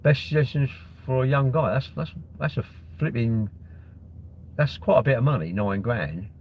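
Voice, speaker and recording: A man's voice: medium pitch, normal speed, lo-fi sound, slight background noise. A young man hosting a casual livestream, reading out comments and bantering with sarcastic, rambling jokes. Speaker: livestream host.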